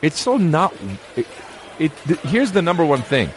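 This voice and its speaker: A man's voice: a little high, sing-song, moderate pace, slight background noise. A young man reacting to videos in rambling, profane casual commentary, full of stammered restarts.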